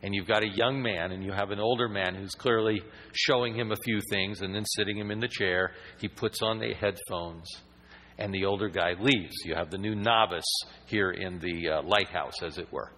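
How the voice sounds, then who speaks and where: A man's voice: low-pitched, normal speed, pushed and bright, in a large hall, poor audio. A man preaching a sermon in a conversational, rambling way that builds to emphatic points.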